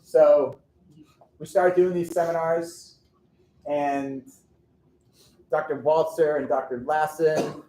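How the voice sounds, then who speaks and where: A man's voice: on the high side, steady tone, takes it slowly, pauses often, mellow. A middle-aged man, an orthodontist, giving a humorous storytelling talk to an audience. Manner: humorous, self-deprecating anecdotes. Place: lecture room with an audience. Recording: echoey room.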